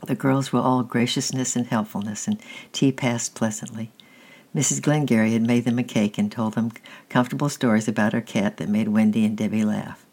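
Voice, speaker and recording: A man narrating a children's storybook in a steady, plain reading voice with small restarts. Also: medium pitch, fairly quick. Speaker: audiobook reader.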